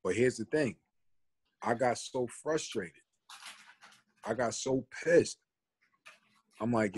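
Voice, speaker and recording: A man's voice: mid-range voice, animated, takes it slowly, pauses often, a little mellow, husky. A man, earnestly telling a story and reflecting on it in a casual podcast talk. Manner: earnest, reflective, builds an argument. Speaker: podcast co-host.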